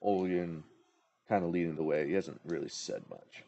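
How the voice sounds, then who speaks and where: A man's voice: deep voice, steady tone, moderate pace, dark tone, dull audio, a little hiss or hum. Laid-back man running a tabletop game. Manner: loose, hesitant explaining with fillers and restarts. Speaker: game master.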